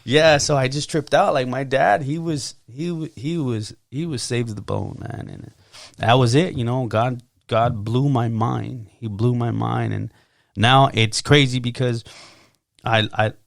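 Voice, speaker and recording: Guest: gravelly man, mid pitch, dry close sound, animated testimony. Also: measured pace, no room sound. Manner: animated, acts out his own quotes loudly. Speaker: podcast guest. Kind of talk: casual testimony.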